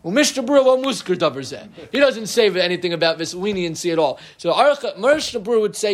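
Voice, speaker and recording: Animated high-voiced man teaching Torah. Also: fast talker, few pauses. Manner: animated, self-interrupting, humorous asides. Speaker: rabbi teaching a Torah class. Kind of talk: informal Torah class.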